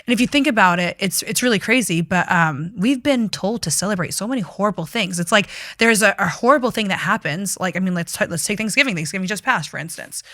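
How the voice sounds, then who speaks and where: A woman talking as a guest in a casual interview, animated and emphatic as she tells her story. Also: medium pitch, fast, few pauses, no echo, studio quality. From United States.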